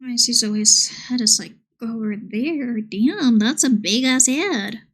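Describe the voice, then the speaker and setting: A woman's voice: on the high side, unhurried, a bit bright, husky. A woman streamer chatting casually and playfully with her viewers, reading their messages aloud. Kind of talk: casual live-stream chat.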